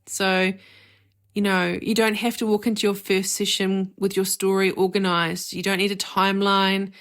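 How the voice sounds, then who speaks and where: A woman's voice: mid-range voice, flat delivery, normal speed, a bit bright. A woman hosting her own podcast, talking openly as a therapist about her experience. Her speech is candid and conversational, with casual "like" and "you know" fillers. She speaks as a reflective, personal monologue.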